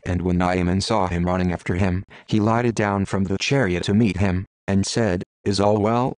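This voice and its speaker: A man giving a measured, solemn reading of King James scripture. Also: deep voice, fairly even intonation, a little mellow, no echo. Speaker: Bible reader.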